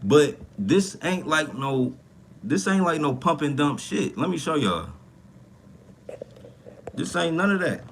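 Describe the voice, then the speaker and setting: A man's voice: on the high side, gravelly. Young guy going off on a livestream, cussing a lot, answering chat, bit of noise behind him. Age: young adult. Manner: animated, profane, rambling, reacting to chat comments. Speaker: livestream host. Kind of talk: casual livestream talk about money.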